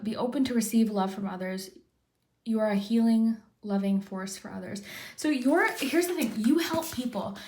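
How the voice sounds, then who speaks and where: A woman giving a monthly tarot reading in a gentle, reassuring way, often repeating her encouragement. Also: on the high side, normal speed. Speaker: tarot reader.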